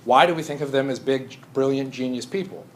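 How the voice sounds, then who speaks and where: A man's voice: mid-range voice, a little fast, a little hiss or hum. Man lecturing a class casually. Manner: conversational, often asks "Right?". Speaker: chemistry teacher.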